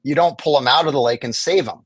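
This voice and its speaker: A man's voice: mid-range voice, fast, slightly rough, no room sound, poor audio. A man speaking as a guest in an interview, making his case with passion and acting out what officials would say. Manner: impassioned, argumentative, acts out quoted officials. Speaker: homelessness advocate guest. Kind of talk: conversational interview.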